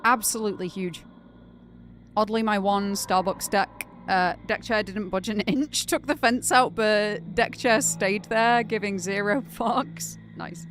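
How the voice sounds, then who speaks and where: A woman's voice: medium pitch, steady tone, a little slow, a bit bright, slight background noise. A young woman from Greater Manchester with a Northern English accent, chatting casually and rambling with lots of fillers while live streaming a game. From Greater Manchester, England.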